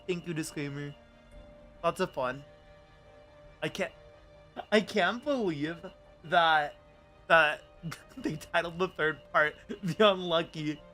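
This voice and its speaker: A man's voice: a little high, bright, forceful tone. A man streaming live, chatting with viewers in a rambling, playful way. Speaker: VTuber streamer. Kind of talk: casual livestream chat.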